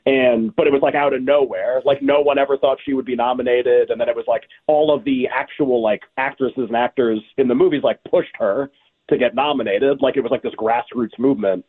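A man's voice: mid-range voice, steady tone, a little fast, husky. A man chatting casually as a guest, rambling with many fillers and restarts. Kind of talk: casual chat. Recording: tinny phone-line sound.

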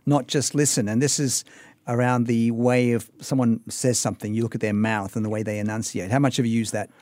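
A man's voice: medium pitch, fairly even intonation, fairly quick, a little mellow, no echo. Australian male host, upbeat, chatty, dry studio sound. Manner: upbeat, chatty, laughs often. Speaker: radio host. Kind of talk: radio talk show interview.

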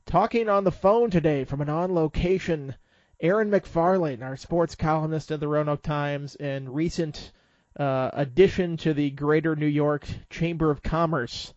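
A man's voice: a little high, moderate pace, darkish tone, dry recording, dull audio. A man hosting a sports podcast as a football beat writer, teasing his guest in casual chat. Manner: teasing, conversational.

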